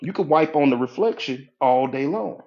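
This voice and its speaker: A man coaching on a live stream, greeting viewers by name, repeating his points and pitching his community in a casual way. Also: expressive, normal speed, darkish tone, muffled recording.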